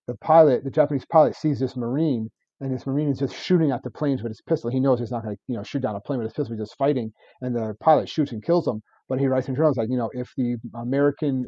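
A man's voice: mid-range voice, husky, dry recording, dull audio. A man co-hosting a podcast, telling stories in rambling casual chat with many restarts and laughs. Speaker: podcast co-host.

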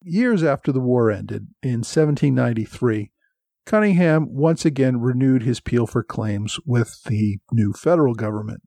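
A man's voice: mid-range voice, animated, moderate pace, creaky, mellow, no echo. A man hosting a history podcast, reading thanks and notes in an earnest, explanatory way. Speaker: podcast host. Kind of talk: scripted podcast narration.

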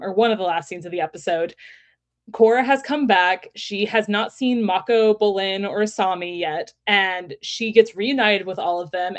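A woman's voice: medium pitch, dull audio. A woman co-hosting a casual podcast, retelling events expressively with laughs and quoted lines. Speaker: podcast co-host. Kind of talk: casual chat.

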